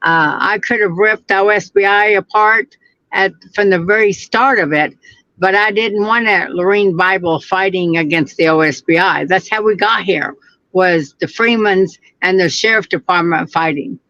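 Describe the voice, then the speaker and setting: A woman from Oklahoma, a mother being interviewed remotely, speaking in an earnest, halting, deliberate way. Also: mid-range voice, a bit bright, dry recording, lo-fi sound. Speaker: guest, mother of a missing girl.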